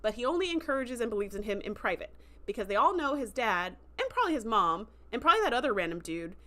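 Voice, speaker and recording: A woman's voice: a little high, big pitch swings, quick pace, sharp tone. A woman hosting a casual livestream review, telling the story in an emotional, chatty way and acting out the quoted lines in voices. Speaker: host.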